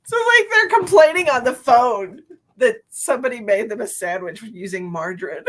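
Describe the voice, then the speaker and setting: Giggly woman, a little high. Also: big pitch swings, normal speed, fairly bright tone. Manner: giggly, laughs often, chatty. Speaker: psychic medium hosting a live stream. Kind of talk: casual live-stream chat.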